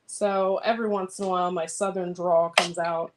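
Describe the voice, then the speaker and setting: A woman's voice: lowish voice, level tone, normal speed. Chatty woman vlogging, clicky noisy background. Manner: rambling, chatty, answers viewer comments. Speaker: homesteading vlogger. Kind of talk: casual livestream chat. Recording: clear background noise with clicks.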